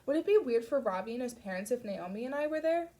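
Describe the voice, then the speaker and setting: A woman's voice: on the high side, expressive, fast, dark tone, close to an everyday voice. A woman reading an audiobook, voicing a chatty, teasing teenage girl who is the heroine's best friend, in a raised, bubbly voice. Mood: hesitant.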